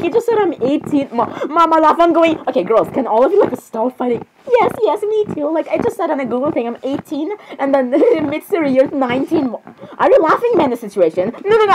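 A woman chatting in a playful role-play reaction, giggly and excitable, often apologizing. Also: high-pitched, noisy background.

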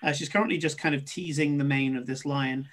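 Guy narrating a tabletop game as gm, kinda high voice, loose and chatty, lots of ums. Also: steady tone, a little fast, music in the background. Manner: casual, chatty, many fillers. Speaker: game master.

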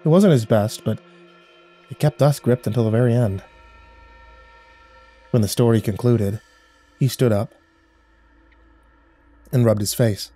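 A man reads a horror story at an unhurried, somber pace, his voice dark and mellow. Faint music plays under the narration. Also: medium pitch. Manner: measured, somber storytelling with quiet dialogue reads.

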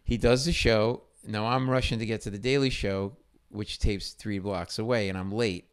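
Animated man telling a story. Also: fairly low pitch, moderate pace, clean tone. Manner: animated, acts out quotes loudly. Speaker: comedian guest. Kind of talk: storytelling chat.

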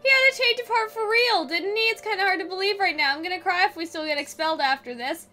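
A woman voicing a brash, rough-spoken teenage boy from a game. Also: very high-pitched, fast talker, bright, forceful tone, soft background music. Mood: anxious.

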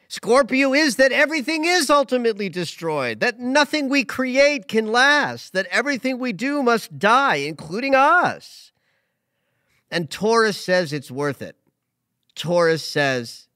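Lively, animated male astrologer. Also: on the high side, no room sound, studio quality. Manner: animated and emotional, with frequent restarts. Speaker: astrologer host. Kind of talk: casual spiritual chat.

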